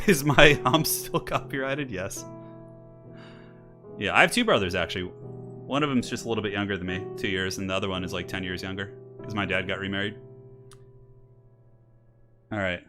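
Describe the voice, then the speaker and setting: He speaks with a fairly low voice at a moderate pace, leaving long pauses. Hosting and casting a game tournament stream, he keeps the live commentary casual, chatty, and rambling, laughing often over faint classical music.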